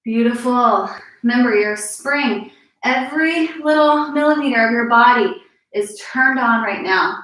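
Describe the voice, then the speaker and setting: A woman's voice: on the high side, unhurried, a bit bright. A young woman leading a live-streamed yoga class, encouraging and a little out of breath as she cues each move. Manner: encouraging, cueing moves while exercising. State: slightly out of breath. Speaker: fitness instructor. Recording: echoey room, distant mic.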